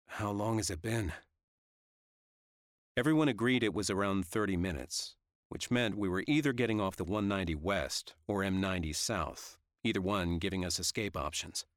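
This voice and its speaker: A man narrating a first-person story in a steady, even way. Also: sits low, dry recording, clean studio sound. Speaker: audiobook narrator.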